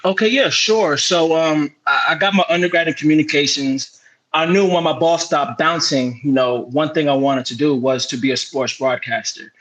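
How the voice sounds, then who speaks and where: Young man, interview guest, slightly high voice, animated storytelling, lots of fillers. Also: normal speed, poor audio. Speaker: guest, sports broadcaster. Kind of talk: casual interview chat.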